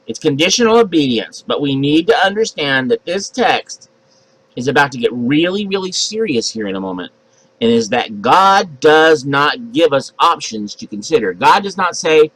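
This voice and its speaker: An older male pastor delivering a sermon in a loose, conversational way. His voice sits on the higher side and swings widely in pitch as he jumps into acted voices. He talks to the congregation as if chatting with friends. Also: moderate pace, poor audio. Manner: conversational, animated, acts out voices.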